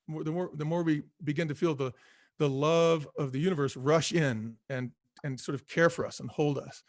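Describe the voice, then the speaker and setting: A man's voice: a little high, fairly even intonation, normal speed, no room sound. Earnest middle-aged man, dry close sound. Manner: earnest, reflective, repeats himself, laughs easily. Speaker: guest author. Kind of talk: conversational interview.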